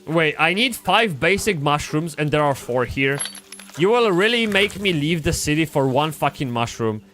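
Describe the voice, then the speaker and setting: A man's voice: fairly high pitch, expressive, normal speed, fairly bright tone, slight background noise. A man from Poland, chatting casually while streaming a game, rambling with frequent restarts and swearing. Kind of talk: casual gaming livestream chat.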